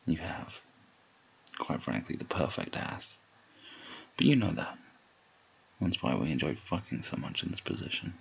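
A man in a whispered role-play, speaking in a slow, low murmur with a commanding, teasing manner. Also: sing-song, creaky, breathy edge, muffled recording.

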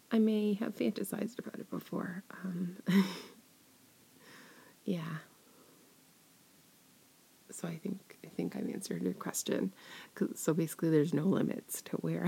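A young woman chatting casually as an audio creator answering listener questions, often dropping into a soft whisper and giggling. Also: on the low side, vocal fry, husky. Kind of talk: casual Q&A chat.

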